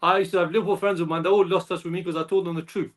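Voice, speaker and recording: A man's voice: high voice, fairly even intonation, racing. A man co-hosting a casual football fan chat, rambling and repeating himself as he mimics others. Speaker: fan channel co-host.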